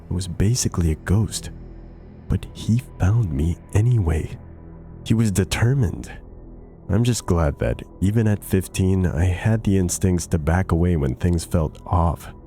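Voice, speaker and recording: A man narrating true horror stories in a measured, suspenseful scripted read. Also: sits low. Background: soft music.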